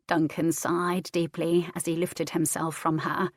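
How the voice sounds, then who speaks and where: A woman reads a historical romance aloud in a steady, measured voice. Her tone sits low, and the recording is dry and close, with no room sound. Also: dry recording. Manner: steady, even reading. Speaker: audiobook narrator. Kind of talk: scripted narration.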